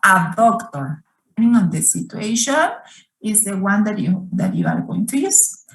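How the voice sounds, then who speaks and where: A woman's voice: mid-range voice, sing-song, moderate pace. A woman teaching an online English grammar lesson over a video call, repeating each point and asking her students questions. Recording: roomy sound from far off the mic.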